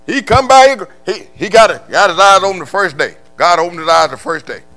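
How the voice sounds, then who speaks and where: Older male preacher, high impassioned voice. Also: a little fast, soft background music. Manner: impassioned, swings from low murmurs to shouts. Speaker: pastor. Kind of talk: sermon.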